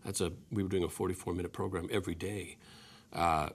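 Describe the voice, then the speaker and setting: A man's voice: low voice, fairly even intonation, fast, a little hiss or hum. A man in his forties, a guest actor in an interview, easygoing with many restarts. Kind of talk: interview talk.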